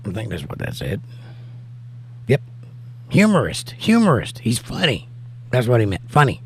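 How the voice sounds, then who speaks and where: A man with a hoarse, nearly worn-out voice hosts a casual livestream, joking easily with viewers and reading their comments aloud. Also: on the low side, sing-song, moderate pace, a little hiss or hum. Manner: easygoing and jokey, talking straight to viewers. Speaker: livestream host.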